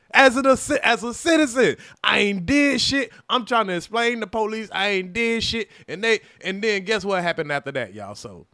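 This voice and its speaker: A man, hosting a live stream and telling a profane, animated story in which he acts out every side. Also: high-pitched, dry recording, clean studio sound. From United States.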